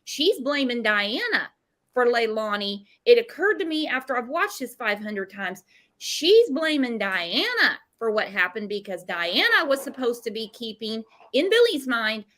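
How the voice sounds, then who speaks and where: A woman's voice: on the high side, big pitch swings, a little slow, bright, forceful tone. A woman hosting a true crime livestream, casually explaining and recapping events. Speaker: host.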